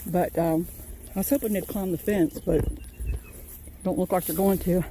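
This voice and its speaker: Mellow-voiced woman touring her garden. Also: fairly low pitch, steady tone, moderate pace, slight background noise. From Virginia, USA. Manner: rambling, homespun, chatty. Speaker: farm vlogger. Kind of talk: casual garden tour. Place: outdoor vegetable garden.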